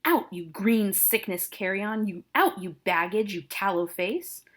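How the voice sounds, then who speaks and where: A woman's voice: medium pitch, sing-song, unhurried. A woman reading as a blustering, furious old father. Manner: loud, scolding, insulting. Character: blustering, angry older father, a nobleman. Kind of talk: dramatic reading of a play.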